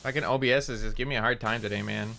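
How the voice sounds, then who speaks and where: Very fast and gravelly, this man's mid-range voice stays fairly even yet sounds pushed and bright, with slight background noise. Streaming a game, he rambles in a mild rural Canadian accent, full of "like" and offhand cursing.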